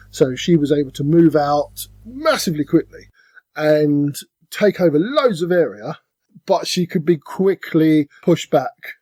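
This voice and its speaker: A man's voice: a little high, dry recording. A man co-hosting a podcast, chatting casually about board games and slipping into silly voices now and then. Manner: animated, slips into silly put-on voices. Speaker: podcast co-host.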